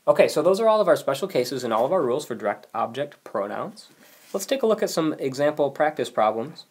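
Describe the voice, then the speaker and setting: A man's voice: mid-range voice, a little mellow. Man giving a patient language lesson. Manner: patient, explanatory, reads example sentences aloud. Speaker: language teacher. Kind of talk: recorded video lesson narration.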